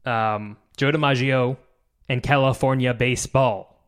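A man hosting a solo podcast, rambling and joking and often trailing off into quiet mumbles. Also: medium pitch, animated, normal speed, pauses often. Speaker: podcast host. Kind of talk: casual solo podcast chat.

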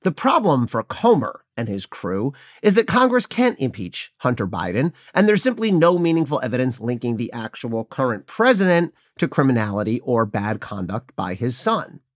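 Male podcast host, wry and opinionated, lively pitch, dry close sound. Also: normal speed, few pauses, no room sound. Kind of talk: scripted political commentary.

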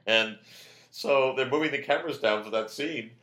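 A man, a comedian guest, telling stories in casual chat with a loud, projecting, animated delivery. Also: medium pitch.

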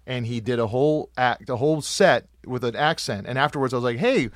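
A laid-back man trades stories in a casual podcast chat and keeps chiming in with easy agreement. His voice sits at an ordinary male pitch, recorded dry and close. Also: fairly quick, no room sound.

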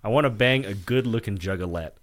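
A man's voice: on the low side, fast talker, heavy background noise. A man on a casual podcast, giggling as he reads posts aloud.

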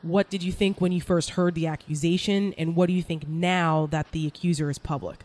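A woman hosting a casual political talk, sarcastic and quick to laugh. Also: fairly low pitch, fairly even intonation, darkish tone. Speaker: host.

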